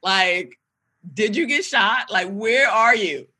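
A woman comedian talking on a podcast, swinging her pitch widely as she tells stories. Her voice is husky yet bright, and she swears freely and laughs loudly between lines. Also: slow. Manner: animated storytelling, loud laughs, profane. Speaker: comedian guest. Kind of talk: casual podcast chat.

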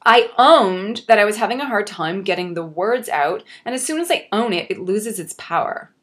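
A young woman talks straight to her listeners in a motivational podcast monologue. She is earnest and encouraging, and she reflects openly on her own doubts. Her voice sits in a middle pitch. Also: expressive, normal speed. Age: young adult. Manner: speaks directly to the listener. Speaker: podcast host.

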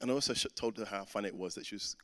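A man's voice: fairly low pitch, very fast, a bit bright. A man in his thirties preaching a sermon, telling a personal story and acting out the voices in it. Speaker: pastor. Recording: reverberant hall.

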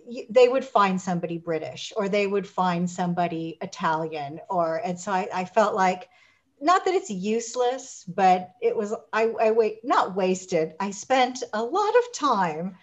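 A woman guest in a casual interview, telling stories with lively acted-out quotes and frequent restarts. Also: mid-range voice. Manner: animated storyteller, acts out quotes.

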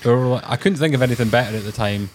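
A man's voice: mid-range voice, racing, slight background noise. A man co-hosting a podcast, talking casually and rambling with plenty of "like". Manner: rambling, heavy use of "like". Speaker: podcast co-host.

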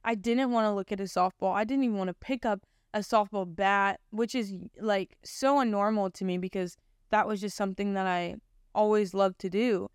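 A woman's voice: medium pitch, fairly even intonation, normal speed, clean tone, dry recording, clean studio sound. A young adult woman sharing her personal Christian testimony in a casual, heartfelt way, often saying "like". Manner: casual, heartfelt, heavy use of "like".

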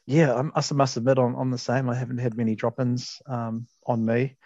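A man's voice: medium pitch, flat delivery, fairly quick, warm tone, no room sound, dull audio. A man, co-hosting a podcast and telling a casual story, laid-back, laughing often and swearing freely. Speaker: podcast co-host.

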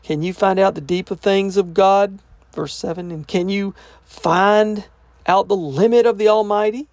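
A man's voice: sits high, creaky, a little mellow, no echo. Guy doing verse by verse bible teaching, reads a bit then breaks it down casually, dry close sound. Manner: reads scripture then paraphrases it in casual words.

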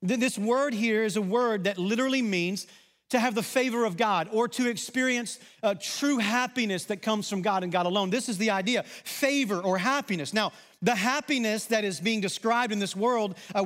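A man from Arkansas with a Southern accent, preaching a sermon in a conversational style that swings between loud emphasis and quiet asides. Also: sits high, a little fast. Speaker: pastor. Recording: long reverb of a large hall.

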